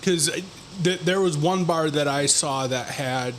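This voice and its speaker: A man's voice: a little high, a little slow, a bit bright, slight background noise. A man co-hosting a podcast, chatting casually and stammering on his words. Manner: stammering, conversational.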